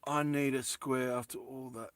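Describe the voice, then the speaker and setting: A man's voice: medium pitch, level tone, normal speed, background noise. A man chatting casually and playfully with live viewers while he makes earrings, joking and giggling often. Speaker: live streamer making jewellery. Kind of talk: casual live-stream chat while crafting.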